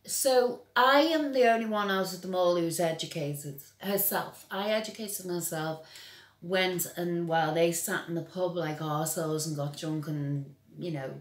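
Middle-aged woman, blunt and sweary, trips over her words a lot, roomy echo. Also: lowish voice. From England. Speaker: vlogger. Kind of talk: angry personal rant. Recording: echoey room.

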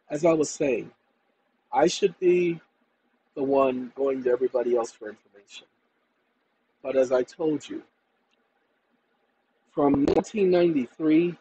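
A tired man rambling through a casual computer tutorial, often addressing "ladies and gentlemen". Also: fairly high pitch, a little hiss or hum, rough recording. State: tired after a long day. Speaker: channel host. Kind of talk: casual screen-share tutorial and monologue.

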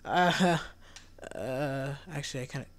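A man giving casual gameplay commentary, excitable, jumping into squeaky outbursts of surprise and dropping to whispered asides, his voice cracking when it goes high. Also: a little slow, a little hiss or hum. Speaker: gaming channel host.

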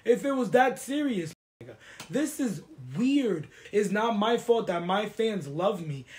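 A young woman from the US East Coast hosting a chat show, ranting in a confrontational, animated way and slipping into Spanish phrases. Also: medium pitch, slow pace. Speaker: podcast host. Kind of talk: heated casual chat.

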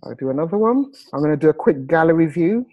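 A man hosts a video call with eager, sales-pitch energy. His voice sits fairly high for a man and sounds close and dry, with no room around it. He stretches words out slowly when he wants them to land. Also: animated, dry recording, dull audio. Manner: enthusiastic, salesy, slows down for emphasis. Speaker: host. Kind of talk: upbeat hosting of a video call.

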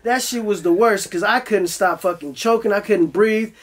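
A man's voice: high-pitched, normal speed. A young man telling a story in a loose, profane style, acting out his own voice as he goes. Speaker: guest. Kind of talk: casual storytelling.

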